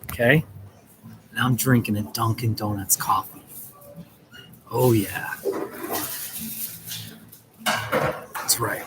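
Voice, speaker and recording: A man's voice: lowish voice, fairly even intonation, measured pace, long pauses, noisy background. A man chatting casually on a live stream from a coffee shop, greeting viewers by name in a playful, chuckling way.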